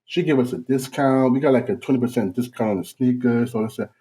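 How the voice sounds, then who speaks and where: A man's voice: mid-range voice, fast, dark tone. A man telling a funny story on a casual podcast, acting out other people's voices. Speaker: podcast co-host.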